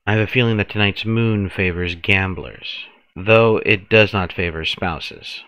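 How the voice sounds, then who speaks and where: A man voicing a sly painter who coaxes a judge to a dice game, reading game dialogue slowly. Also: low-pitched, fairly bright tone, smooth, no echo. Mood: coaxing. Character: sly older male painter, smooth persuader.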